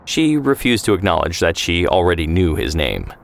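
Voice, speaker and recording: A man narrating a scripted historical drama in a calm storytelling manner. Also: low voice, normal speed, vocal fry, few pauses.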